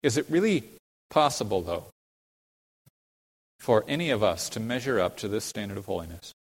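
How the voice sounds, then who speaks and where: A man's voice: very animated, normal speed, in a large hall. A man preaching a sermon to his congregation, explaining scripture earnestly and putting questions to his listeners, rising to fervent emphasis when he quotes it. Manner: builds to fervent, high-pitched emphasis when quoting scripture. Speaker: pastor.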